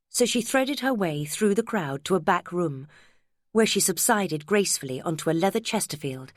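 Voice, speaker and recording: A woman narrating an audiobook in a measured, wry storytelling manner, close to the mic. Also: lowish voice, no room sound. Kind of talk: scripted narration.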